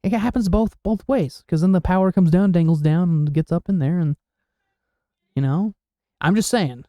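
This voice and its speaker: Man, podcast co-host, joking banter, mellow dark tone, slightly high, dry sound. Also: no room sound. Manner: joking, laughs often, fast banter. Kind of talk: casual chat.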